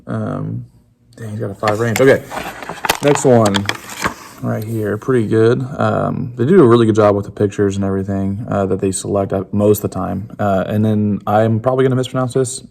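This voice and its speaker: A man with a lowish voice and a gravelly, fry-laden edge talks casually as he unboxes game tokens. He is relaxed, laughs easily and fills pauses with ums. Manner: relaxed and chatty, laughs often, trails off with fillers. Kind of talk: casual chat.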